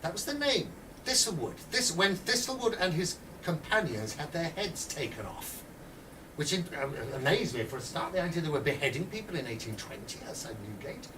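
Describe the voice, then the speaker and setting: A man telling a historical story in a lively way, speaking directly to his listeners and acting out voices, heard from a distant mic with faint room noise. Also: fairly high pitch, fairly quick.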